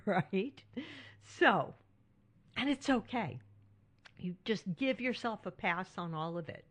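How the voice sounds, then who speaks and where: A woman's voice: mid-range voice, animated, slow pace, long pauses. Reassuring woman hosting a solo podcast. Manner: warm, reassuring and frank, with frequent "right?" tags. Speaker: podcast host.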